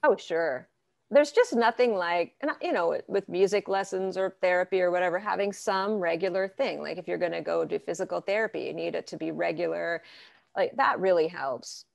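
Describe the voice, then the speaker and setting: A woman therapist answering interview questions in a lively, conversational way, acting out what clients say. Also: lowish voice, normal speed, creaky, no echo, studio quality. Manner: lively, acts out clients' arguments in quotes. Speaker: therapist guest.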